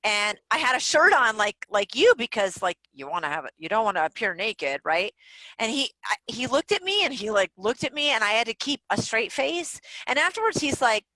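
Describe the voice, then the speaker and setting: A woman guest on a podcast, telling stories in a candid, animated way and swearing freely. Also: fairly high pitch, a little fast, no room sound, poor audio. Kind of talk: casual interview chat. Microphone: home recording setup.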